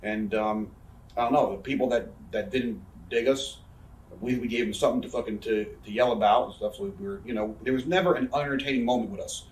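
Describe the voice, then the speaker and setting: A man's voice: mid-range voice, far from the mic. A man, a wrestler telling candid, profane stories in an interview. He rambles, swears constantly and fills his talk with fillers. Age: 30s. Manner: profane, rambling, quick talker with frequent fillers. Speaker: interview guest, pro wrestler. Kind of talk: candid casual storytelling. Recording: roomy echo, voice a bit off-mic.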